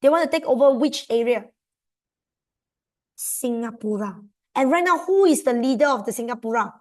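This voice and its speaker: A woman with a Malaysian English accent tutoring a history revision class, chatty and animated, quizzing her students. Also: a little high, moderate pace. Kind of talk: exam revision lesson.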